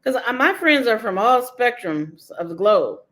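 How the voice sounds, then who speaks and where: Emphatic, high-voiced woman author. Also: unhurried. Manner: emphatic, animated, laughs often. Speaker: author being interviewed. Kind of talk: candid interview conversation.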